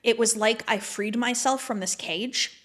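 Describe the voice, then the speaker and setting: A woman's voice: fairly high pitch, measured pace, fairly bright tone. A woman speaking candidly and reflectively as a podcast guest, in casual conversation full of "like" fillers. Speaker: podcast guest, manifestation mentor.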